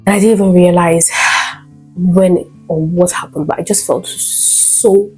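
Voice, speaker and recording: Husky-voiced young mom vlogging. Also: female voice, fairly low pitch, a little slow, poor audio. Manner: chatty, many fillers, animated bursts. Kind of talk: casual storytime vlog. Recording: faint guitar music behind.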